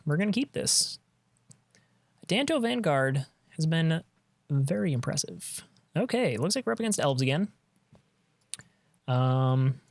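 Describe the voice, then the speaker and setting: A man's voice: a little high, no echo. Man thinking aloud over a card game. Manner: thinking aloud, trailing off and restarting. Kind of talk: casual gameplay commentary.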